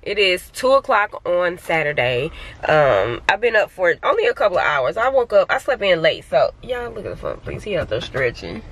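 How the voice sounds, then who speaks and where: A woman chatting casually to her vlog camera outdoors at a park while she walks her dog, ranting in slangy, animated talk. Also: on the low side, normal speed. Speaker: family vlogger.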